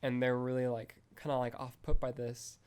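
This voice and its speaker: A young man talks through a film in a loose, rambling podcast chat, dropping "like" and "um" all the time. His pitch sits in a middle range, and his delivery stays flat and even with little rise or fall. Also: moderate pace, clean tone. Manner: rambling, heavy use of "like" and "um". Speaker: podcast host reviewing a film. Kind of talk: casual chat.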